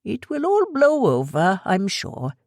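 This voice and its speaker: A woman voicing a middle-aged male shop owner who speaks in quick bursts with a heavy accent and stilted phrasing, in an audiobook. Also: medium pitch, wildly swooping pitch, darkish tone, no room sound, studio quality, pitched above the performer's own voice, full character voice. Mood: brisk concern. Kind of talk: audiobook character voice.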